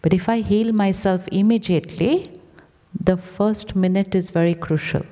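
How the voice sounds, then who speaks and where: A woman's voice: mid-range voice, normal speed, dark tone. A woman spiritual teacher giving an inspirational talk on stage, using short repeated commands and rhetorical questions. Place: large theatre. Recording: long theatre reverb.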